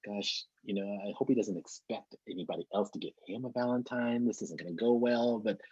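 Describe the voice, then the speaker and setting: Husky-voiced middle-aged man telling a story. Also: on the low side, a little fast, a little mellow, no room sound. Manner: earnest, repeats and restarts words. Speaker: trainer. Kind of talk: motivational storytelling talk. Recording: dull, muffled lo-fi recording.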